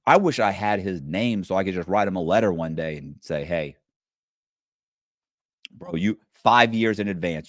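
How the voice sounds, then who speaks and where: A man's voice: low voice, normal speed, long pauses, no echo, studio quality. A man telling prison stories in a casual, profane way, acting out the voices of the people he quotes. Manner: profane, animated, acts out the voices of other inmates when quoting them. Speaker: guest. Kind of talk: casual storytelling on a podcast.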